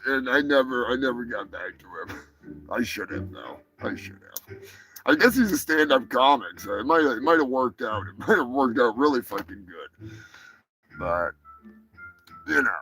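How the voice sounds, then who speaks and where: A man's voice: mid-range voice, expressive, unhurried, pauses often, pushed and bright, rough recording. A man hosting a live stream, chatting casually in a rambling, profane way. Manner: rambling, profane, restarts with laughter. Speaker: host. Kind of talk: casual livestream chat.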